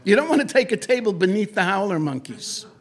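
A laid-back French café owner and former disc jockey, put on by a man telling a story. He speaks with a French accent in a high voice, relaxed and matter-of-fact. He sounds knowing and unhurried.

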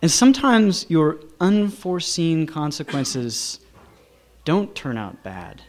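A man recounts a personal anecdote with a slightly high voice. He talks animatedly, often chuckling and leaning on fillers as he builds the story. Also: slow pace. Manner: animated, chuckling, many fillers like "you know".

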